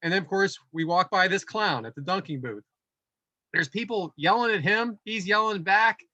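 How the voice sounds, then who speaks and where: A middle-aged man co-hosting a podcast, telling a casual story with animated build-ups and voiced quotes. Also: high voice, moderate pace, dry recording, highs cut off. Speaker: podcast co-host.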